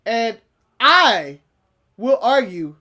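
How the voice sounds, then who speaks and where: A high-voiced man telling a story on a casual podcast. He is animated and profane and laughs often. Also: drawn-out words. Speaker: podcast co-host.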